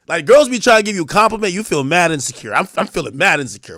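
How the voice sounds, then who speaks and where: Streamer, male, high and very animated voice, profane and shouty, dry close sound. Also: racing, no echo. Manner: animated, profane, breaks into loud shouted outbursts. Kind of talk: casual comedic stream commentary.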